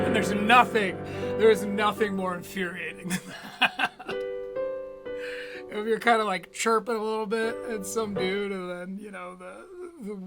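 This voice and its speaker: High-voiced man ranting over rock music. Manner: profane, laughing often, loose rambling asides. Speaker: streamer host reacting to podcast clips. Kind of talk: casual live-stream commentary. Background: Irish-style rock music playing.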